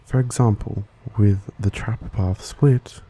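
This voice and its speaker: A man with an Australian accent, giving a soft-spoken ASMR lesson into a stereo microphone and pronouncing each word slowly and carefully. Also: on the low side, fairly even intonation, breathy edge. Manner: slow, careful, gentle enunciation. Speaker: ASMR channel host. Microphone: Blue Yeti microphone, stereo.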